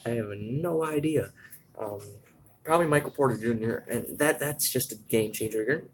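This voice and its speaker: A man's voice: medium pitch, a little hiss or hum, poor audio. Young male host, live draft commentary, mid-range voice, hesitant and rambling. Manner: halting, many fillers and restarts, yawning.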